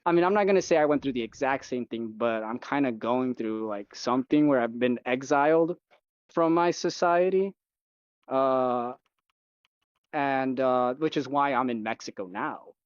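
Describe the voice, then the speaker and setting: Guest: young man, loose profane storyteller, mid-pitched, dull lo-fi mic. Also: normal speed, clear, resonant tone, no echo. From United States. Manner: rambling, profane storytelling full of fillers. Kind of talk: casual chat.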